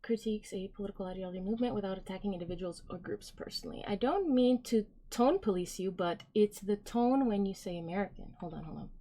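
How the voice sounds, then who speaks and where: Chatty woman streamer reading chat. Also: mid-range voice. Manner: rambling, filler-heavy, giggly, reads chat aloud. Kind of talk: casual live-stream chat reading comments.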